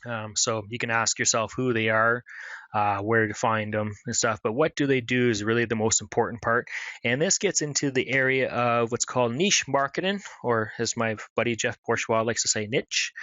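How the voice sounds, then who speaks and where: A man giving a webinar presentation in a brisk, conversational way, full of fillers. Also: mid-range voice, a bit bright, dry recording, muffled recording. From Canada. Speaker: marketing presenter.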